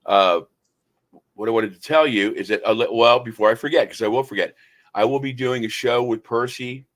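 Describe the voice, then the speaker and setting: A man's voice: mid-range voice, normal speed. A man hosting a talk radio show, telling stories in a rambling, hesitant way. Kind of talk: casual talk radio chat.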